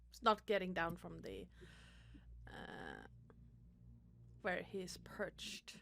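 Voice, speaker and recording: A woman's voice: on the low side, very animated, very slow, gravelly, fairly bright tone, slight background noise. A woman running a tabletop game as game master, talking in an easygoing, chuckling way.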